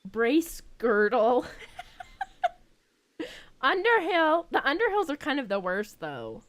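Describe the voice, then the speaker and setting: A woman streaming a game, chatty and giggly, thinking out loud as she plays. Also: sits high, wildly swooping pitch, takes it slowly. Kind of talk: casual game reaction stream.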